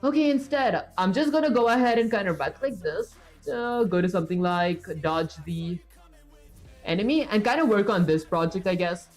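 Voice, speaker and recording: A woman streams herself writing code and chats loosely with viewers as she works. Her voice sits in a middle pitch and she rambles, filling gaps with stock filler words. Soft music plays underneath. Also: lively intonation, moderate pace. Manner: chatty, rambling, with filler words and self-talk. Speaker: streamer coding live. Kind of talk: casual livestream commentary while coding. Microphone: streaming setup with webcam.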